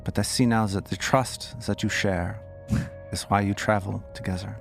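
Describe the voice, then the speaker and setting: A man voicing an anxious young woman cultist who speaks in a thick, precise accent, with halting, formal phrasing. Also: lowish voice, fairly even intonation, creaky, soft background music. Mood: wistful.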